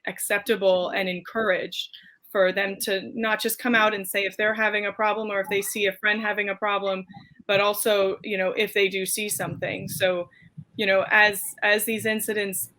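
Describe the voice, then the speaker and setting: A woman's voice: mid-range voice, flat delivery, normal speed, sharp tone. A woman co-hosting a panel discussion, asking long, rambling questions full of fillers. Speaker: co-host.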